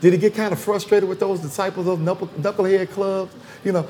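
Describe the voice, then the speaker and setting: A man's voice: sits high, steady tone, brisk, mellow. A man, a theologian guest in a conversational interview, talking emphatically and repeating phrases for rhythm.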